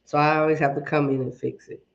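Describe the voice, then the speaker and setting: Speaking fast in a level tone, this livestream host has a low voice with vocal fry and a slight shakiness as she talks with viewers and welcomes them one at a time. The casual stream is picked up by an iPad and phone at arm's length, giving dull audio.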